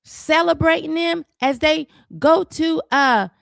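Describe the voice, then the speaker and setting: Woman, high-pitched, unhurried delivery, sarcastic scolding commentary. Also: gravelly, fairly bright tone, no room sound, studio quality. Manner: repeats words when fired up. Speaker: social commentator. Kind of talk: opinion monologue.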